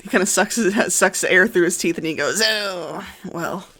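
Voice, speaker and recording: Halting, loose game master narrating. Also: medium pitch, sharp tone. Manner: loose, halting, with many fillers. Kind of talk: narrating a tabletop game on a live stream.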